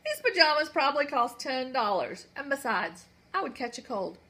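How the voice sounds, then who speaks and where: Lady doing a nervous little boy, lots of ums, bright high storybook voice. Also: very animated, normal speed, exaggerated voice. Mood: stubborn. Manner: hesitant, stammering with ums. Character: nervous polite young boy.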